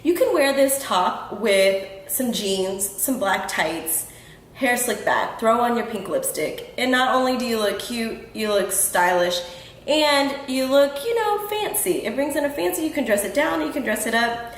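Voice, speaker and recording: A woman's voice: on the high side, a little slow. Chatty woman host in an echoey room. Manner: chatty, earnest, lots of ums and restarts. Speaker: podcast host. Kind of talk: casual talk to the audience. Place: home room in Houston.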